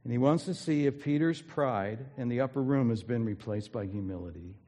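A man's voice: medium pitch, a little fast, warm tone. A man preaching a sermon as pastor, earnest and emphatic, building energy as he retells a story, recorded in a church sanctuary. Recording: long reverb of a large hall.

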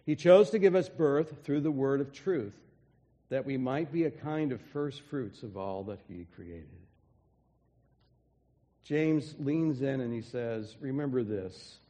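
A pastor preaching a sermon in an earnest way, often restarting phrases and dropping softly for emphasis. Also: male voice, medium pitch, slow pace, long reverb tail. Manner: earnest, with frequent restarts and soft drops for emphasis.

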